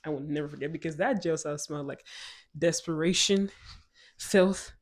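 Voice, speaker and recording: A woman from Ghana telling a personal story in a casual vlog, animated and emphatic, often going off on tangents. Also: deep voice, normal speed. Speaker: vlogger.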